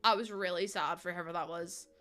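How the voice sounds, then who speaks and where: A woman's voice: on the low side, steady tone, brisk, pushed and bright. A woman in her late twenties, chatting casually and rambling while she streams a game, laughing often. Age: late 20s.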